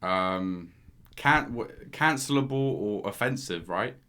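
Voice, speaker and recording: Animated bright-voiced young guy. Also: fairly low pitch, slow. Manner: animated, argumentative, stumbling restarts. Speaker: podcast co-host. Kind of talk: casual chat.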